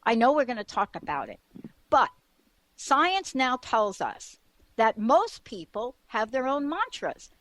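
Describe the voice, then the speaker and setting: A woman's voice: on the high side, very animated, measured pace, a bit bright. A woman hosting a radio talk show, chatting eagerly and rambling with many fillers and restarts. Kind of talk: casual radio chat.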